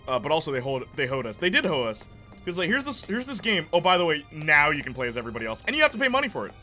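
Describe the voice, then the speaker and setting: A man's voice: fairly high pitch, huge pitch swings, rapid-fire, bright, forceful tone. A young man streaming a video game, rambling casually and answering chat, laughing often. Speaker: gaming streamer. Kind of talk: casual chat while playing. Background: game music.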